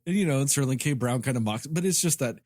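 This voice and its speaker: A man co-hosting a film podcast, talking in an animated way with lots of fillers. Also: mid-range voice, fast, no room sound, studio quality. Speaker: podcast co-host. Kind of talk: casual film review chat.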